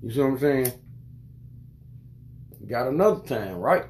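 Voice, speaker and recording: Profane, animated storytelling dad. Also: male voice, medium pitch, a little slow, a little hiss or hum. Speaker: father. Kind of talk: casual storytelling monologue.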